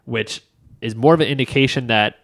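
A man's voice: medium pitch, brisk, creaky, fairly bright tone, dry recording, studio quality. A man co-hosting a casual podcast chat, a pastor who trades teasing asides and laughs. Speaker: co-host, church planter pastor.

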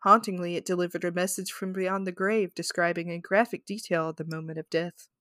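Woman podcast host, reads ghost story dramatically, chatty asides, low voice, dry sound. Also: fairly even intonation, a bit bright, no room sound. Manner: dramatic, apologetic reading with quick asides. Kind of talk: reading a story aloud with casual commentary.

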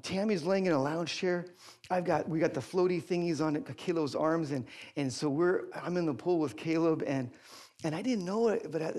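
A middle-aged male pastor preaching a sermon, telling a story with big jumps up in pitch when excited and dropping quiet for serious points. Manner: animated storytelling, voice leaping high when excited.

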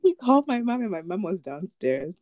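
A young woman co-hosting a podcast casually tells a personal story, sprinkled with fillers and light laughter. Her voice is mid-range and darkish, a little fast, with big swings in pitch.

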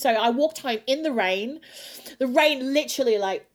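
Australian woman, middle-aged opera singer, a bit high, animated raconteur. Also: moderate pace. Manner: animated storytelling, acts out her own quotes. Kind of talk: casual podcast interview.

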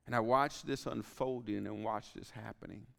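A man's voice: lowish voice, fairly even intonation, moderate pace, vocal fry, a bit bright. A man preaching a sermon as pastor, telling a personal story and dropping to whispered asides. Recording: long hall reverb.

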